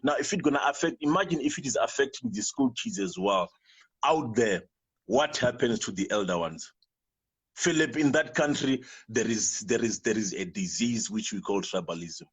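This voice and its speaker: A man's voice: mid-range voice, expressive, normal speed, slightly rough. A man from Zimbabwe, a native Venda speaker with a Zimbabwean English accent, telling an emotional personal story in an earnest way, often restarting his sentences. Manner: earnest, repetitive, with many restarts. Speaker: guest.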